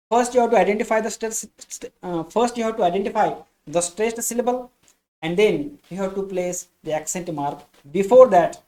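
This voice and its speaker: A woman giving a lesson, explaining slowly and restating each point. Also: medium pitch, a little mellow. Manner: addresses listeners as dear friends. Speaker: English teacher. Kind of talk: classroom lecture.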